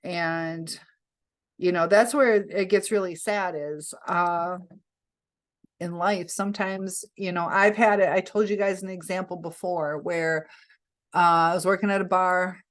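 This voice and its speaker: A woman vlogger casually telling a story to camera, chatty and rambling, often pausing and correcting herself. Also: on the low side, steady tone. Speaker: vlogger recounting a scam attempt.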